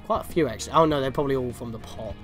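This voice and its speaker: A man's voice: medium pitch, racing, over music. A man giving casual walkthrough commentary on a video game, rambling, laughing and easily exasperated. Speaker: gaming commentator.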